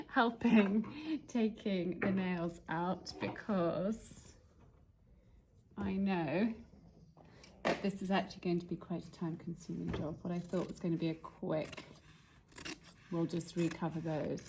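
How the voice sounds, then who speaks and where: A woman's voice: on the low side, background noise. A woman chatting through a do-it-yourself how-to as she works, thinking aloud and muttering to herself, in a cluttered workshop. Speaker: DIY vlogger. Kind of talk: casual how-to vlog, talking while working.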